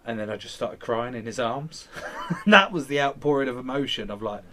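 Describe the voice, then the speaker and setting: A man's voice: medium pitch, fairly quick, fairly bright tone, slight background noise. A man, candidly retelling events in an interview and acting out quoted lines, with some casual swearing.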